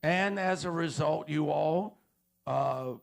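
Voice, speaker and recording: A man's voice: on the high side, takes it slowly, gravelly. A man preaching a sermon in a church auditorium, repeating questions and calling out to the congregation. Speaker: pastor.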